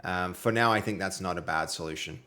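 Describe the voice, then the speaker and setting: A man's voice: sits low, fairly quick, bright, forceful tone. A young man with an Australian accent chats casually to his stream audience while he works through code. His talk is friendly and loose, packed with fillers. He reads viewers' messages aloud as they come in. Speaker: livestreaming programmer. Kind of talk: casual live-stream chat while coding.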